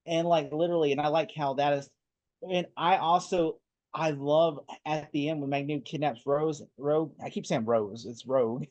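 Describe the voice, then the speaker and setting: A man co-hosting a casual movie talk, excitedly retelling scenes in a rambling way. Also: fairly high pitch, moderate pace, dull audio. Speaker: podcast co-host.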